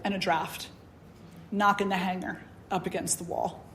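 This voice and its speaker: Woman teacher telling a story, chatty and lively, lots of "you know". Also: fairly low pitch, moderate pace, heavy background noise. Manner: conversational, animated, many fillers. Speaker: spiritual teacher. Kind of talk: storytelling talk.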